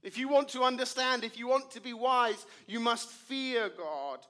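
A man, a pastor preaching a sermon and telling a story, earnest, with dramatic drops to quiet. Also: very high-pitched, moderate pace.

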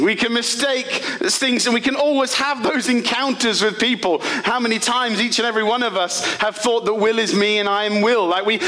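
A man delivers a sermon in a casual storytelling manner. His voice sits high for a man and sounds bright and forward. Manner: conversational storytelling. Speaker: preacher.

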